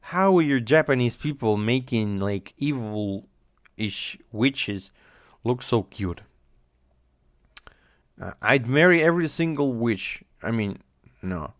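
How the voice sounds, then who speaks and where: A man reacting to an anime episode, thinking out loud in a rambling way and swearing now and then. His voice sits at a middling pitch. The sound is dry and close. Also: lively intonation, takes it slowly, dry recording. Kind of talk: casual reaction commentary. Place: home, on a squeaky chair.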